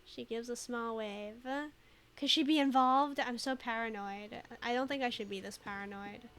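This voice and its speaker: Woman, fairly high voice, giggly, chatty, filler-heavy, let's play commentary. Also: steady tone, normal speed, a bit bright. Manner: giggly, chatty, thinks aloud with many fillers. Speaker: streamer.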